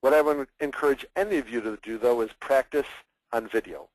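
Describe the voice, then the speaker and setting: A man teaching public speaking in a webinar, energetic and expressive, acting out examples in mock voices. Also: medium pitch, brisk, no room sound, poor audio. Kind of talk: webinar presentation.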